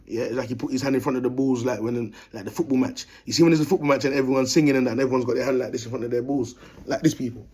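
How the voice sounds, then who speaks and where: A self-styled prophet vlogger with a London accent tells his viewers a rambling, slang-heavy story, repeating himself, calling them "people," and breaking into bursts of laughter. His mid-range voice is rapid-fire and steady in tone, darkish and slightly rough.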